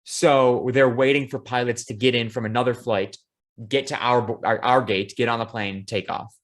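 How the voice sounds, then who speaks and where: A man co-hosting a podcast, telling a travel story in casual, profane chat with animated asides. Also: medium pitch, normal speed. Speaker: podcast co-host.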